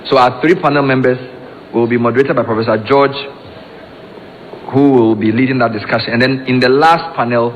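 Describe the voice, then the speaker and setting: A man's voice: medium pitch, steady tone, fairly quick, highs cut off. A man with a Ghanaian accent emceeing a conference, introducing panelists with chatty, joking asides. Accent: Ghanaian English. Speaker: master of ceremonies. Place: conference hall. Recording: reverberant hall with faint room noise.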